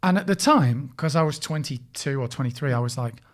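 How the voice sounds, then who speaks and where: A man's voice: medium pitch, a little fast. A middle-aged British man, an actor co-hosting a podcast, telling a meandering story full of restarts and the odd swear. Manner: rambling storyteller, many restarts, swears when animated. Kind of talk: casual chat.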